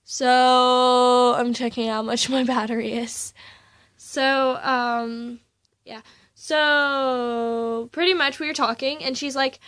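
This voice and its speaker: A woman's voice: sits high, steady tone, unhurried, a bit bright. A teenage girl chatting casually about school and hobbies, rambling and giggly, with many fillers and restarts. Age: teens. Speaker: student vlogger.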